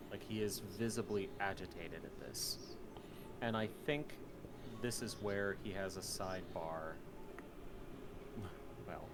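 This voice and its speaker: A man's voice: fairly low pitch, noisy background. A man playing a tabletop role-playing game, describing his character casually and thinking aloud. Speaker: player. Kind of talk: tabletop role-play chat.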